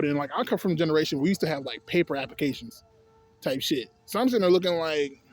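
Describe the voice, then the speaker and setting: A man's voice: on the high side, very fast. A young adult man telling a story in a casual, profane rant, exasperated and breaking into laughter between complaints.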